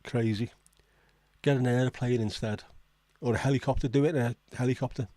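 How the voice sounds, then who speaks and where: A man's voice: mid-range voice, fairly even intonation, a little fast, warm tone, dry recording. A man hosting a casual livestream, reading out viewer comments and reacting with blunt, swearing disbelief. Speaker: livestream host.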